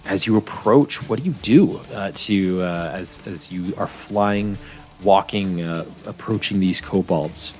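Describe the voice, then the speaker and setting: A man's voice: sits low, unhurried, a little mellow, soft background music. A man narrating a tabletop game as game master, casual with many fillers.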